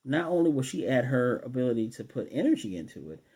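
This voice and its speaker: A man talking through an anime episode recap in a loose, rambling way. His voice is dark and mellow, sitting at an ordinary middle pitch, and he often restarts his sentences as he quotes the characters. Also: quick pace, breathy edge. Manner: rambling recap with restarts, quoting lines in a flat voice. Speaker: anime reviewer.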